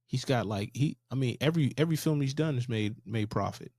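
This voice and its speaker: A man's voice: mid-range voice, a little fast, darkish tone, breathy edge, no room sound, studio quality. A man co-hosting a podcast, chatting casually and loosely, joking around. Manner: loose, joking, mimics a preacher. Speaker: podcast co-host. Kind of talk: casual chat.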